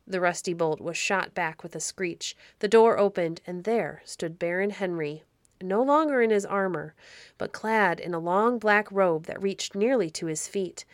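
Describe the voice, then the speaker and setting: A woman narrating an old storybook in a measured, expressive reading. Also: mid-range voice, no room sound, studio quality. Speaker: audiobook narrator.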